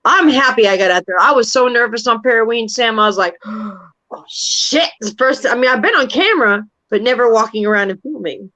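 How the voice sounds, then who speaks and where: A woman's voice: a little high, quick pace, highs cut off. Woman, 50s, brash, foul-mouthed storyteller; casual chat co-host. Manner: brash, swears freely, animated storytelling. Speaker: paranormal investigator and co-host.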